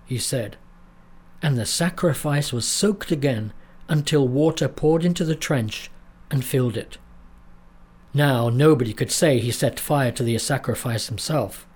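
A man reading a storybook aloud in a measured, dramatic narrating style. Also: medium pitch, darkish tone, slightly rough.

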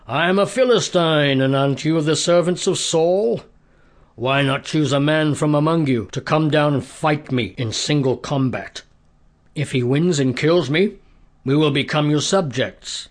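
A man doing a jeering giant warrior, husky. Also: a little high, measured pace, natural voice. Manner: taunting, mocking. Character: boastful giant male warrior, jeering and menacing.

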